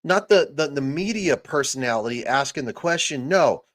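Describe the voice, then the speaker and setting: A man's voice: medium pitch, lively intonation, moderate pace, a bit bright. A man hosting a casual political commentary livestream, talking in a heated, profane, ranting way into a desk microphone. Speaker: livestream host.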